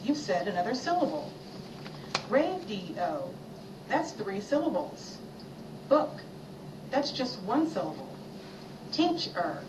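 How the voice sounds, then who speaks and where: A woman giving scripted narration for a children's learning video, clear and animated, asking listeners to join in. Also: fairly high pitch. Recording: video played in a roomy space from far off, noisy.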